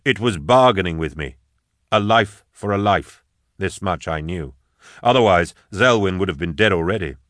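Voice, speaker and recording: A man reading a dark first-person fantasy story aloud in a measured, grave storytelling manner. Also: low voice, animated, dry recording, studio quality. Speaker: narrator. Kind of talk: audiobook narration of dark fantasy fiction.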